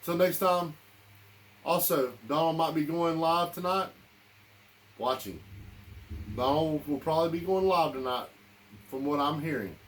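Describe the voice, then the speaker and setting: A man's voice: on the high side, unhurried, pauses often, slight background noise. A man giving an angry, blunt and profane political rant to camera as a vlogger, repeating himself as he goes. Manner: heated, repetitive, blunt and profane.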